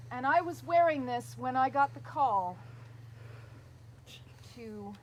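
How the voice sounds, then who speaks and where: A woman's voice: a little high, slight background noise, poor audio. A woman giving a heartfelt formal speech at a court ceremony, laughing and near tears. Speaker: ceremony speaker. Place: outdoor event with a crowd.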